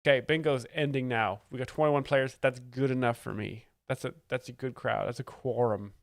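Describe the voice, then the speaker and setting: A man's voice: medium pitch, fairly even intonation, normal speed, no room sound. Dry, sarcastic male stream host. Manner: dry sarcastic mock-expert. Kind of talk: casual live-stream commentary.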